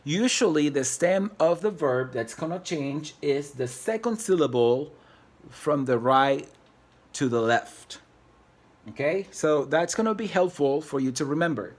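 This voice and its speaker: A man walks through a grammar lesson at the whiteboard, patient and unhurried. His voice sits slightly high, and he goes over each point more than once, counting syllables aloud one by one. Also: lively intonation. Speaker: Spanish teacher. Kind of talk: classroom-style video lesson at a whiteboard.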